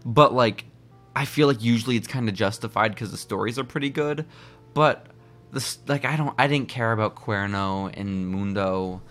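A man co-hosting a podcast in casual chat, recapping with excitable, animated storytelling. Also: on the low side, moderate pace. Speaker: podcast co-host.

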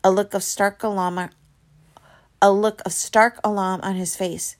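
A woman reading a novel aloud, with dramatic storytelling that turns soft and hushed in quiet passages. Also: mid-range voice, flat delivery, measured pace. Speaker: reader.

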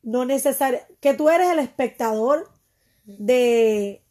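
High-voiced woman in casual bilingual chat. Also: unhurried. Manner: switches freely between English and Spanish, animated.

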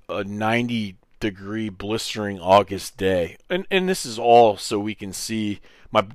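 A man in his thirties tells a rambling personal story, slipping into other people's voices as he goes. His voice sits low and the recording is dry and close, with no room around it. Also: no room sound. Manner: animated storyteller who acts out quoted voices, swears freely. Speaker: podcast host. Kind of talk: casual storytelling.

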